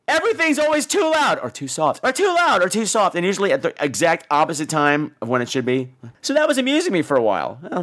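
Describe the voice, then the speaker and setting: A man's voice: fairly high pitch, fairly bright tone. A man hosting a casual comedic horror film review, sarcastic and profane, acting out the scenes. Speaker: podcast host reviewing horror films.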